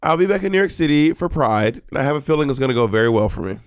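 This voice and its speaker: Fast-talking sassy Atlanta man. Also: mid-range voice, expressive, clear, resonant tone, no room sound, clean studio sound. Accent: Atlanta Southern. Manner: quick, sassy, exasperated, theatrical. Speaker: podcast co-host. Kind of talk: casual podcast banter.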